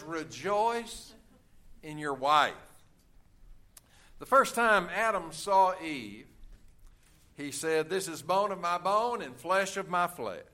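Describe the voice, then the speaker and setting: A male pastor delivers his sermon in a bright, clear voice. He speaks slowly and deliberately, and keeps it folksy with jokes and frequent filler sounds. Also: sits high.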